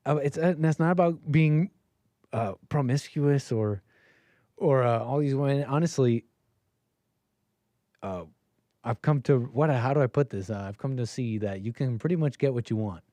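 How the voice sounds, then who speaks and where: A man's voice: medium pitch, moderate pace, long pauses, dark tone, no room sound. A man hosting a live stream, reacting to a video clip in casual, sarcastic and rambling commentary that often repeats itself.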